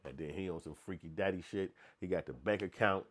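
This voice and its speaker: A man with a lowish voice runs through a blunt opinion rant, heavy with slang and cursing. He talks loosely and keeps slipping into other voices to act out what people said. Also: a little fast. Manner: blunt, profane, slangy, acts out quotes in voices. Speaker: commentator.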